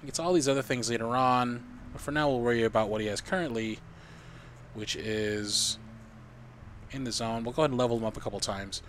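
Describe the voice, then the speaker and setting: A man's voice: mid-range voice, fairly quick, a bit bright, a little hiss or hum. A man streaming a video game live, walking viewers through the steps in a chatty, explaining way.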